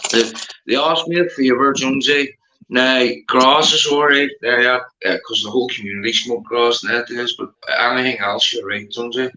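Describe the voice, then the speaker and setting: A man's voice: medium pitch, normal speed, pushed and bright. Rambling Northern Irish man, roomy sound. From Northern Ireland. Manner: rambling, repeats himself, calls his friend mate. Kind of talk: casual chat.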